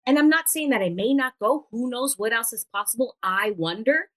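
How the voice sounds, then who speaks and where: A woman's voice: fairly high pitch, lively intonation, brisk, fairly bright tone, rough recording. A woman guest on a podcast, earnestly explaining ideas in casual chat and playfully acting out quotes.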